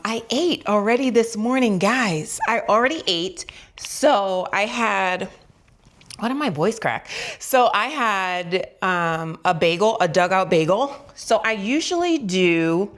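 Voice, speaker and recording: A young woman vlogging casually at home, chatty and playful, talking while chewing gum. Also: mid-range voice. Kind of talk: casual chat to camera.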